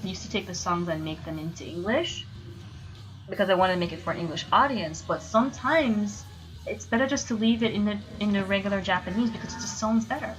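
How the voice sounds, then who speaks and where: A young woman chatting on her live stream, animated and blunt, swearing freely as she rants. Her voice sits at an ordinary middle pitch, and faint music plays behind her. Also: brisk, poor audio. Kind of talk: casual live-stream chat.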